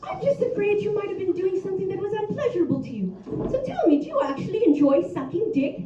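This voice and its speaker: A woman voicing an overly polite, old-fashioned gentleman, speaking with prim, formal courtesy. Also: very high voice, sing-song, quick pace, pitched above the performer's own voice. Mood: courteous. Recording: roomy, distant, dull, noisy live room.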